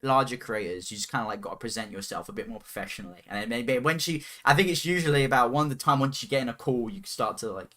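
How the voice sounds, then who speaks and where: A man's voice: medium pitch, fast talker, hardly any pauses, fairly bright tone. A man co-hosting a casual gaming podcast, rambling and playful with lots of fillers. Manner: rambling, playful, full of fillers and quoted voices. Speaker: podcast co-host. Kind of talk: casual chat.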